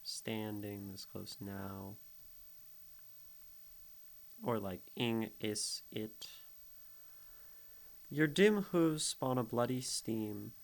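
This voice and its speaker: A man with a fairly low voice picks apart a poem in an easygoing livestream chat. He talks slowly and thinks out loud, tapping out the beats and trying the sounds of single syllables. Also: poor audio. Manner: musing, thinks aloud, sounds out rhythms and syllables. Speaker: streamer critiquing poetry. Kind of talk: casual livestream poetry analysis.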